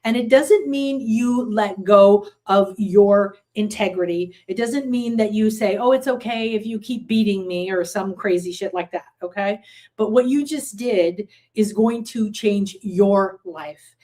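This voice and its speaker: A woman teaches a casual live online class as a spiritual teacher, reading out viewer comments and answering them. She's a chatty, rambling storyteller full of fillers and restarts, with a slow, dark, mid-range voice. She uses a computer setup with screen sharing.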